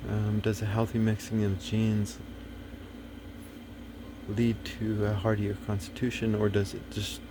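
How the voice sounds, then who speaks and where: A man's voice: on the low side, completely flat delivery, measured pace, long pauses, background noise. A man talking casually to the camera, rambling and blunt, full of fillers, restarts and swearing. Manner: profane, blunt. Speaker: video host.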